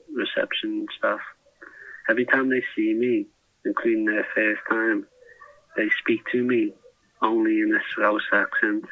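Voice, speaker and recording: Over a prison phone line, a man speaking on the low side and a bit bright tells his diary as a podcast diarist. The handset recording from his cell is dry, and his delivery is rambling, hesitant, and full of restarts.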